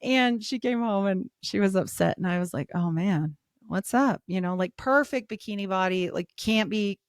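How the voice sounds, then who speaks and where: A woman in her thirties chats as a podcast guest, her voice sitting mid-range and recorded close and dry with no room around it. She tells funny stories at a lively clip, laughs often and slips into a higher voice to quote the people in them. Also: moderate pace, no echo. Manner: animated storyteller, acts out quotes in a higher voice; laughs often, swears casually. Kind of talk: casual podcast chat.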